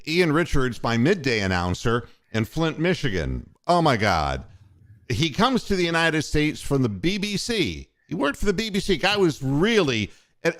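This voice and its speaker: An older man hosts a casual sports talk show, telling rambling, profane stories from his years running a radio station. His voice is medium-pitched with a fairly bright tone, and he's a podcast host who used to be a station boss.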